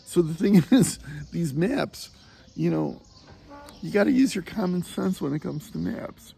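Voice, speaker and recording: A man with a gravelly, mellow voice talks through a casual spoken meditation while out on a walking pilgrimage. He rambles and hesitates with plenty of fillers. He chuckles often as he tells his stories. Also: high-pitched, expressive, a little slow. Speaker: pilgrim vlogger.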